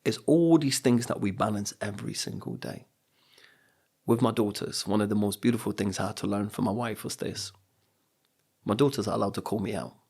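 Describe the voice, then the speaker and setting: A man's voice: lowish voice, a little fast, creaky, a little mellow, breathy edge. A middle-aged man, a coach and speaker, telling personal stories on a podcast in an earnest, motivational way. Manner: earnest, motivational, acts out quotes. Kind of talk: reflective podcast storytelling.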